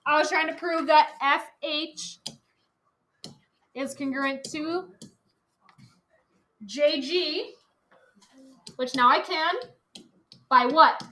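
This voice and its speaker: A woman teaching a geometry lesson to a class, upbeat and quick to laugh with her students. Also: high voice, steady tone, bright, forceful tone. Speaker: math teacher. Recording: echoey classroom, faint noise.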